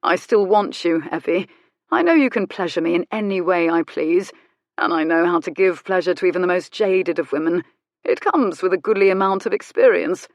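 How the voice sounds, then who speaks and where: A woman's voice: on the low side, moderate pace, no room sound, natural voice. A woman reading an audiobook, voicing a smug, cruel aristocratic man in a self-satisfied, sneering manner. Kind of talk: audiobook character voice.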